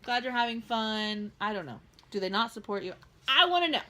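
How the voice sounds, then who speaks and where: A woman's voice: fairly high pitch, expressive, a little fast, sharp tone. A woman co-hosting a casual home vlog, chatty and bubbly, sometimes stretching her words out. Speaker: co-host. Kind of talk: casual chat. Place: home in Texas.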